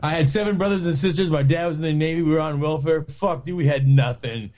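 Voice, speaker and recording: Rock guitarist guest, fifties, high voice, loose and foul-mouthed, chatty interview. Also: male voice, fast talker, a little mellow. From San Francisco, California. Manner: profane, rambling storyteller, laughs often. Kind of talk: casual radio interview.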